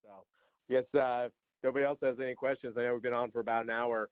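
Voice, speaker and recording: A man speaking quickly with a flat delivery while wrapping up a video call. His thanks come out brisk. The audio is tinny and phone-like. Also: medium pitch, clear, resonant tone, no room sound. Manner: brisk thankful closing remarks. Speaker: chief resident hosting the chat.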